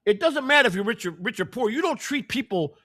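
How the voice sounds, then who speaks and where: Animated, bright-voiced man telling stories. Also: extremely high pitch, fast talker. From Chicago. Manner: emphatic, animated storytelling. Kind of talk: casual conversational interview.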